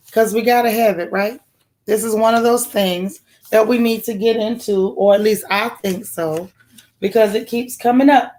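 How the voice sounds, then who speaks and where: A middle-aged woman hosts a casual live chat. Her delivery is folksy and effusive as she thanks viewers and calls out their names one by one. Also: medium pitch. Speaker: YouTube channel host.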